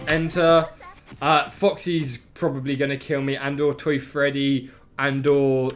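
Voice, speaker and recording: A young man streaming a video game, rattling off his controls under his breath and breaking into panicked shouts. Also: mid-range voice, level tone. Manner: rapid muttered narration of controls, bursts of panicked shouting. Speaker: gameplay streamer. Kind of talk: let's play commentary.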